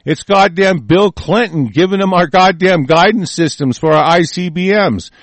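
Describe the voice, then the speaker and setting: A man's voice: high voice, normal speed, dry recording. A man delivering a heated, profane, rambling monologue with many restarts. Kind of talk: ranting monologue.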